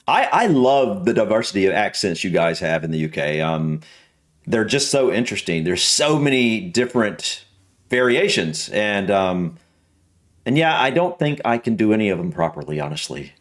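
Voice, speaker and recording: A man's voice: fairly low pitch, very animated, normal speed. An American man hosting a reaction video, talking casually and hesitantly with many ums and restarts. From United States.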